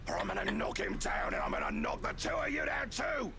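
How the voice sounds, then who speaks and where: Voz en español: un borracho desesperado de un videojuego, gritando, aguda, rasposa y brillante. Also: male voice, high voice, wildly swooping pitch, brisk, faint music behind, exaggerated voice. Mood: furious. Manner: shouting, sobbing, pleading. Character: drunk, desperate man refusing to leave. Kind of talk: visual novel game voice acting.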